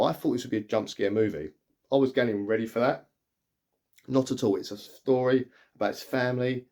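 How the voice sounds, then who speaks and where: A man's voice: medium pitch, darkish tone. A middle-aged man, chattily retelling a film's plot in a casual review, often restarting his sentences. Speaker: film reviewer. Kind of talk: casual spoken movie review.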